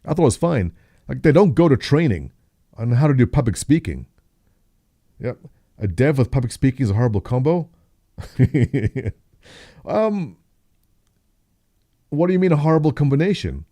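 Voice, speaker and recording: A man talks loosely through a livestream, reacting as he goes, thinking out loud and laughing easily. His voice is soft and mellow, and it sits dry and close with no room sound. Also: medium pitch, very animated, normal speed, pauses often, dry recording. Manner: chatty, laughs often, thinks aloud. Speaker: livestream host reacting to a video. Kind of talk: casual livestream commentary.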